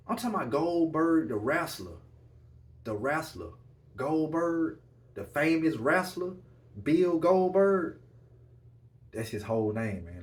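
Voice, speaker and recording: A man's voice: mid-range voice, a little mellow, distant mic. A man hosting a podcast in casual solo chat, hyped and repetitive, full of slang and constantly addressing his viewers. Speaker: podcast host.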